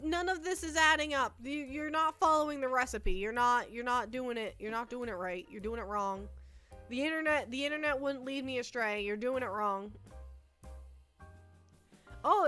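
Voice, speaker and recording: A young adult woman chats casually on her livestream in a high-pitched, pushed, bright voice. She rambles, often stammering and repeating herself, and squeals with delight when thanking her viewers.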